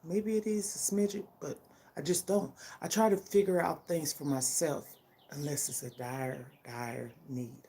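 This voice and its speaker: A woman's voice: sits low, fairly even intonation, a little slow, warm tone, a little hiss or hum. An older woman talking to her vlog audience in a heartfelt, emphatic way, often checking in with her listeners. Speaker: vlogger. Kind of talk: casual personal vlog chat.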